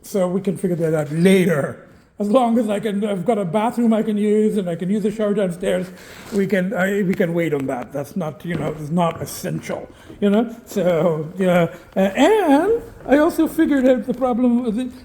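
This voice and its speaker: Talking into a handheld camera beside his car on country roads, a vlogger rambles through a story and swears freely. His voice is high and dark-toned, at a normal speed.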